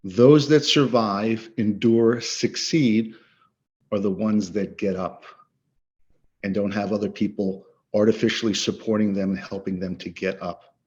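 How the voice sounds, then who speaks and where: A man's voice: lowish voice, fairly even intonation, a little slow, darkish tone. Earnest, emphatic man on a video call. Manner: earnest, emphatic, repeats words for stress. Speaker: coach and guest speaker. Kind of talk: interview conversation. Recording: slightly dull lo-fi audio.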